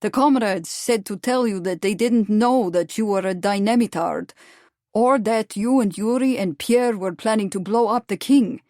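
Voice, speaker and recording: A man's voice: high voice, moderate pace, darkish tone, no echo, natural voice. Woman voicing an anarchist man, Slavic accent, apologetic, earnest, audiobook figure, dry sound.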